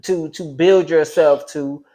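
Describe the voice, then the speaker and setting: Earnest man with a fairly high voice. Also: steady tone, slow, warm tone, poor audio. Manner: earnest, filler-heavy, faith talk. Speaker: co-host. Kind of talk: casual couple storytelling.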